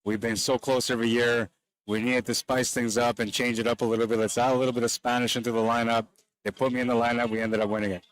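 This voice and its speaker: A man's voice: fairly low pitch, rough recording. Chatty Canadian pool-stream commentator man. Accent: Canadian English. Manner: chatty, enthusiastic, loose and conversational.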